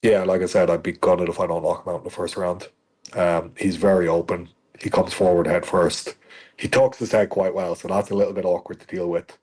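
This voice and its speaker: A man's voice: deep voice, little pitch movement, fairly quick, darkish tone, breathy edge. An Irish man in his thirties, a fighter guest in a podcast interview, talking bluntly with heavy swearing and emphatic, fired-up delivery.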